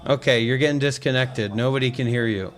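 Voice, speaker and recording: A man's voice: medium pitch, fairly quick. A man hosting a meditation livestream, taking call-in questions and answering in a blunt, profane, mocking, confrontational way. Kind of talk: live call-in Q&A.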